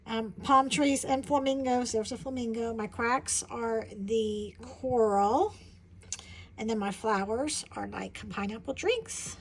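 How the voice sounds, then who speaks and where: A woman chatting excitedly as she unboxes something, gushing and exclaiming with little giggles. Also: fairly high pitch, a little hiss or hum, poor audio. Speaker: vlogger.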